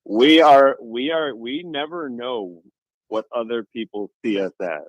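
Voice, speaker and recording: A man's voice: medium pitch, a little slow, no room sound, dull audio. A man co-hosting a podcast in a laid-back, teasing way. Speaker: podcast co-host. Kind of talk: casual chat.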